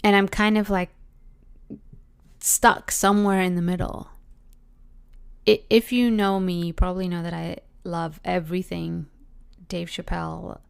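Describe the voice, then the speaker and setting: A young adult woman with a Canadian accent hosting a reflective solo podcast, musing aloud with many "like"s, restarts and soft laughs. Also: fairly low pitch, flat delivery, a little slow, vocal fry, pauses often, smooth. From Britain. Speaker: podcast host.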